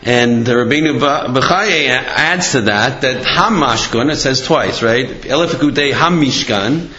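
A man teaching a religious lesson in an animated, conversational way, telling stories to make his points. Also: medium pitch, a little slow. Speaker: Torah teacher. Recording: roomy, slightly dull recording with faint noise.

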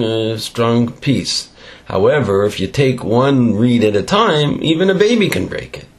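A man giving a Torah talk, mixing Hebrew terms into with lively rising emphasis. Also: on the low side. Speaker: Torah teacher.

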